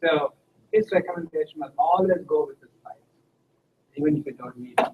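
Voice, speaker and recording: A man's voice: a little high, brisk, far from the mic. A man in a class sharing an example, with some hesitation. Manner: hesitant, anecdotal. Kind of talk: classroom discussion. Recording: phone-like sound from afar with faint noise.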